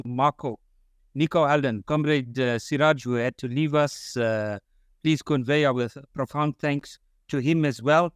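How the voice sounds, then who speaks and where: A man's voice: medium pitch, clean tone, no echo, studio quality. A man giving formal closing remarks at a symposium, earnest and solemn, calling everyone comrade over a video call. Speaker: symposium speaker.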